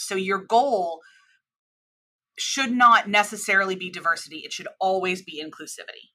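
An American woman in her thirties with a flat mid-Atlantic accent, speaking as an interview guest. Her voice is bright and forward, and she explains her points in long, animated stretches. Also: mid-range voice, normal speed. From United States. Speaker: podcast guest, cross-cultural expert. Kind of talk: conversational interview.

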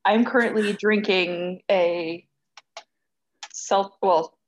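A woman's voice: medium pitch, fairly even intonation, drawn-out words, slight background noise. A woman co-hosting a podcast in casual chat, with wry, self-deprecating humor. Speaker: podcast co-host. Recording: slightly dull lo-fi sound.

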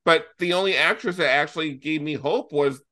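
A man co-hosting a casual film review podcast, talking excitedly and swearing freely. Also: fairly high pitch, fairly quick. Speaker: podcast co-host.

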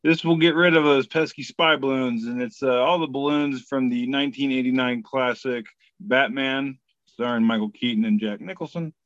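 A man's voice: mid-range voice, steady tone, normal speed, a bit bright, no echo, dull audio. A man hosting a podcast, reading memes aloud in casual, profane comedic chat. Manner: laid-back, profane, breaks into sung bits.

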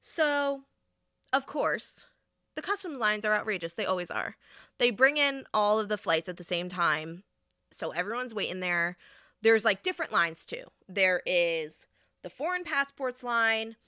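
A young woman vlogger telling a casual story, animated and exasperated, often acting out what people said. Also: mid-range voice, a little slow, clean tone, no echo, clean studio sound.

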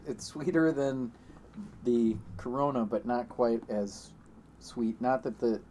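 Casual male co-host, mid-pitched and rambling, with a faint hiss behind him. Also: fairly even intonation, mellow. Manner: rambling, halting restarts, laughs easily. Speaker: podcast co-host. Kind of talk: casual beer-tasting chat.

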